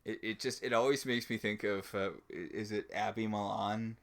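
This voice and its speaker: A man's voice: lowish voice, fairly even intonation, moderate pace, vocal fry, fairly bright tone. A man co-hosting a TV recap podcast in casual chat, chatty and rambling. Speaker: podcast co-host.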